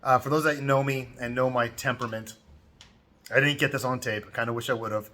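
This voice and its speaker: Chatty man vlogging from a hotel room. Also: medium pitch. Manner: chatty storyteller, rising loud when retelling the quarrel. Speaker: travel vlogger. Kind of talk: casual vlog chat.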